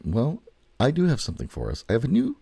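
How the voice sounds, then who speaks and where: Young male co-host, husky low voice, dry close sound, crude animated banter. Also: quick pace, dry recording. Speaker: podcast co-host. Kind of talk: casual chat.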